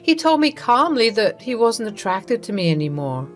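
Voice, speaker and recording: A woman reading a first-person story with a dramatic, expressive delivery. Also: fairly high pitch, moderate pace. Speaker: story narrator. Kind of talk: first-person scripted narration. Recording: narration over soft music.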